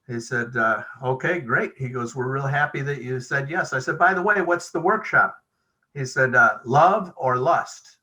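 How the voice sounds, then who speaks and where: Man sharing at a recovery meeting on a video call; bright, forward voice; casual storyteller who voices the other people in his stories. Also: medium pitch, rough recording. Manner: conversational, acts out quoted dialogue. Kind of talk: storytelling share.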